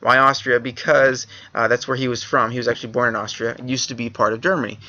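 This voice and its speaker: A man's voice: mid-range voice, fairly even intonation, fast, sharp tone, dull audio. A male history teacher giving a casual classroom review lecture with joking asides.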